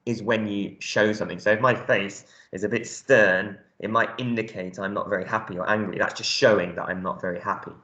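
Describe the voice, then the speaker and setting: A man's voice: fairly low pitch, fairly even intonation, brisk, hardly any pauses, sharp tone, echoey room, highs cut off. A male primary school teacher giving a recorded reading lesson, explaining words step by step in a friendly way with lots of ums.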